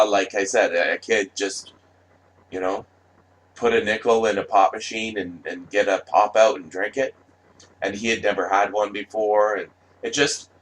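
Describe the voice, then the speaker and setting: Low-voiced man in a profane rant. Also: fairly bright tone, rough recording. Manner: rambling, profane, with filler-heavy restarts. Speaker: vlogger. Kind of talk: ranting monologue.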